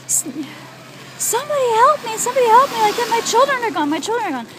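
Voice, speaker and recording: A woman's voice: very high voice, big pitch swings, fairly quick, heavy background noise, pitched above the performer's own voice. A woman voicing a desperate woman who sobs and screams for her lost children. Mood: screaming, desperate. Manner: sobbing, screaming, pleading.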